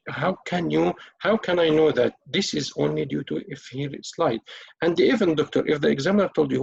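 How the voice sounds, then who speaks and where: A medical exam tutor teaches doctors communication skills for breaking bad news, role-playing both the doctor and the relatives as he goes. His voice is fairly high, gravelly, slightly rough and a little mellow. The recording is dull and lo-fi.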